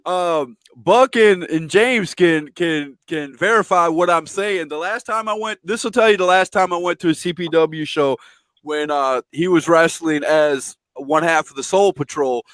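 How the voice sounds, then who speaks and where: High-voiced excitable interview host. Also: male voice, measured pace, no room sound, studio quality. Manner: enthusiastic, laughing, stumbling restarts. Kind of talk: casual interview chat.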